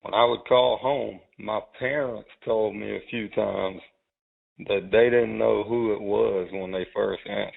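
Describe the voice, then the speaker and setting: A man with a thick Southern drawl tells stories in a relaxed, unhurried way as a podcast co-host. His voice is gravelly with plenty of fry. The sound is thin and tinny, as if heard over a phone line. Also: fairly low pitch. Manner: relaxed storytelling, drawn-out anecdotes. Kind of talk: casual chat.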